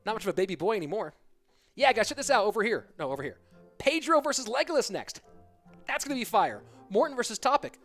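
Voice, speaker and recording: A man casting a video game tournament on a live stream, chatty and excitable, talking to his chat between matches. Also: sits high, brisk. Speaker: esports caster. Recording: music bed behind voice.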